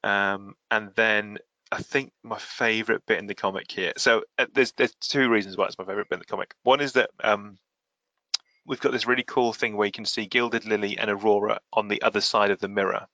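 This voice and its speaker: A man's voice: lowish voice, fairly even intonation, a little fast, pushed and bright, no echo, lo-fi sound. A man hosting a casual comic-book podcast, recapping the plot with quoted lines and frequent laughs. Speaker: podcast host.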